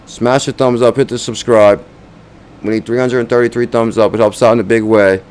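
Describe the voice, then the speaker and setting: A man's voice: medium pitch, steady tone, a little fast, darkish tone, clear, resonant tone, soft background music. A man hosting a crypto channel, chatting loosely with viewers, counting down names and urging likes and comments. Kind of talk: casual livestream chat.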